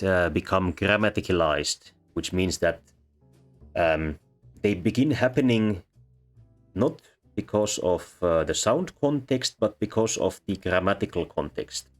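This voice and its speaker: A man explaining sound changes as a lecturer, pausing often with ums and uhs. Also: deep voice. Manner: halting, many ums and uhs. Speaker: linguistics lecturer. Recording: faint background music.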